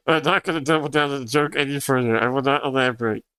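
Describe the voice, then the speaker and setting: A man's voice: medium pitch, pushed and bright, clean tone, dry recording. A young man whose first language is Spanish, chatting casually on a livestream, rambling and laughing often as he answers chat. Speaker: streamer.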